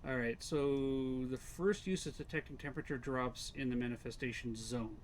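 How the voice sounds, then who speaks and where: A man's voice: medium pitch, normal speed, a little hiss or hum. A Canadian man casually commenting on a game he is playing live, reading its text aloud and chatting with viewers. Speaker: streamer.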